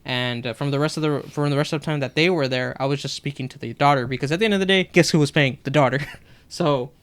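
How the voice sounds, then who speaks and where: A man's voice: fairly high pitch, fast. A young man co-hosting a podcast, casually retelling work stories and acting out what customers said. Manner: animated, acts out customers' lines in retelling. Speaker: podcast co-host. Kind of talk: casual storytelling chat.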